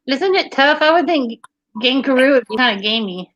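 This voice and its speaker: A woman's voice: high-pitched, expressive, normal speed, a bit bright, lo-fi sound. A woman chatting casually with friends, joking and laughing often, slipping into silly put-on accents. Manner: giggly, joking, puts on silly mock accents. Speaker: show host. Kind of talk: casual chat among friends.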